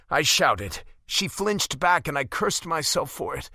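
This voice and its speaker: A male audiobook narrator with a bright, forward voice and a very lively pitch. He reads in first person with dramatic, emotionally charged delivery, in a dry, close recording. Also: a little slow, no room sound.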